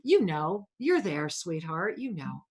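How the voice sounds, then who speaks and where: A woman's voice: fairly low pitch, very animated, slow pace, a little mellow, slightly rough. A woman hosting a spiritual talk radio show, coaching a caller in a soothing, affectionate way and calling her pet names.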